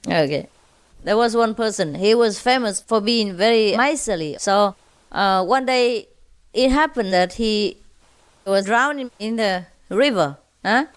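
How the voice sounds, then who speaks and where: Slow-spoken playful woman teacher. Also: medium pitch, expressive, smooth. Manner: playful, laughing often. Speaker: spiritual teacher. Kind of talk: humorous storytelling lecture.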